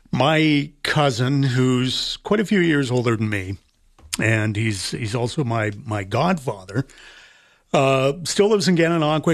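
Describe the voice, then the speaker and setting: A man co-hosting a radio show, talking in a relaxed, halting way. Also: medium pitch, no echo, clean studio sound. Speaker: radio co-host. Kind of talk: casual morning show chat.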